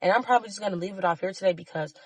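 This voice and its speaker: A woman's voice: medium pitch, rapid-fire, no echo. Woman, podcast host, emotional motivational monologue, swears freely, dry recording. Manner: passionate and blunt, swearing freely; emotional, preachy urging of listeners.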